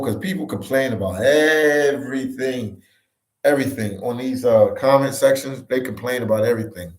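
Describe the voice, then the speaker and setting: A man's voice: medium pitch, normal speed. A man from Philadelphia, a travel vlogger, chatting on a livestream and reacting to viewer comments in a casual way. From Philadelphia, Pennsylvania. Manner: casual, conversational, reads comments aloud and reacts. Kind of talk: live stream chat reading viewer comments. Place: office room with echo. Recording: echoey office room.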